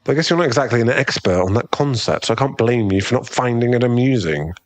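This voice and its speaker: A man's voice: medium pitch, expressive, fast talker, no echo, close to an everyday voice. A young man playing a cocky, smug rival in an ASMR boyfriend role-play, taunting and chuckling as he talks. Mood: smug mocking. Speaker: ASMR roleplay performer.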